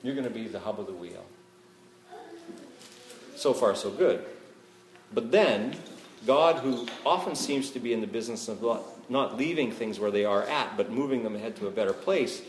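A man's voice: mid-range voice, moderate pace. A Canadian man preaching a sermon in a conversational way, often checking in with the listeners. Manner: conversational, asks "right?" often. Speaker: pastor. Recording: echoey room, faint ambience.

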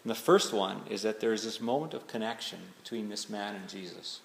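A man, a pastor, preaching a sermon in a conversational, searching way, slowing down to lean on key words. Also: lowish voice, gravelly, a little hiss or hum. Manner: conversational and searching, slows down for emphasis. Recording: echoey hall with faint ambience.

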